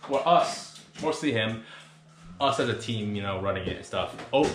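A man's voice: fairly low pitch, lively intonation, moderate pace. A young man casually vlogging at home with friends, rambling, swearing and laughing a lot. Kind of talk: casual vlog chat with friends. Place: indoors at home, bedroom. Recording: echoey room, faint noise.

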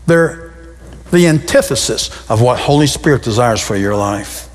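A male pastor preaching a sermon, his voice leaping up and dropping low with sudden changes of pace. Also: expressive, measured pace. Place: church sanctuary. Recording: long reverb of a church hall.

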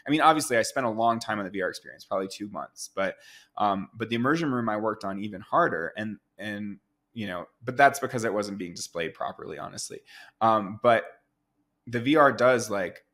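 Low-voiced man telling stories. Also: a little fast. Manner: relaxed, rambling, many fillers. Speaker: guest artist. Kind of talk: casual storytelling interview.

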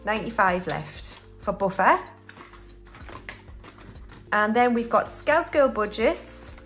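Speaking slowly with lively intonation, a UK woman hosts a budgeting video, counting cash aloud and casually talking herself through each step. Her medium-pitched voice has a fairly bright tone, with soft music in the background.

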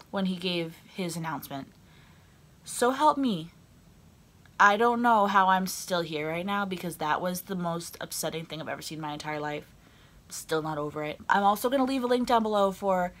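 Blunt, swearing woman ranting on a vlog. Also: lowish voice. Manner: blunt, swears freely, heated. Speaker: wrestling fan vlogger. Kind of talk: casual vlog rant.

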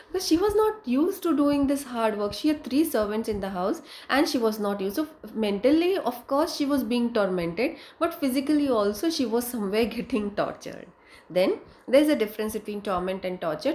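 A woman's voice: medium pitch, reverberant. A woman teacher with an Indian English accent reads a story aloud to her students, then stops to paraphrase and explain each passage with small fillers.

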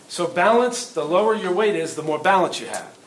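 A middle-aged man teaches a self-defense class in a plain, practical way, checking in with quick questions. His voice sits a bit high for a man. He is picked up from a distance in a reverberant room with faint background noise. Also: sing-song. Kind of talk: workshop teaching. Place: event hall. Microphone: distant room mic. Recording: echoey hall from far off, faint noise.

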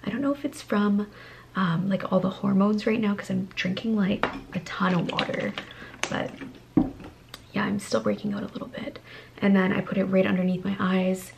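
A young woman vlogging at home, cooing to her babies in high baby talk and half-whispering to the camera while tired. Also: fairly even intonation, a little fast, creaky, slight background noise. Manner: high sing-song baby talk to infants. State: sleep-deprived. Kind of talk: casual vlog.

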